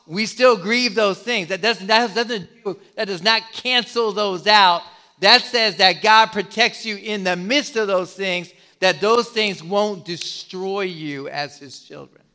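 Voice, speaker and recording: Bright-voiced pastor preaching a sermon. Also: male voice, high voice. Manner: preaching with questions to the congregation and dramatic pauses.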